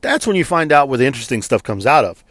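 A man's voice: medium pitch, sing-song, quick pace, a bit bright, dry recording. A man from Texas telling a personal story in a frank, conversational way, with blunt swearing. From Texas, United States. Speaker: interviewee.

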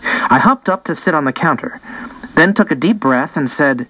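A man reading a story aloud in an expressive first-person narration. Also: fairly high pitch, normal speed, no room sound, rough recording. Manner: lively, expressive reading with voiced dialogue. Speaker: audiobook narrator.

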